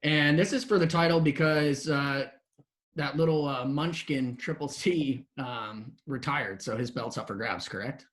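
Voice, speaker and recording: A man's voice: mid-range voice, unhurried, fairly bright tone. A man hosting a casual podcast chat, easygoing as he reads out betting odds and asks his guest's opinion. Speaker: podcast host.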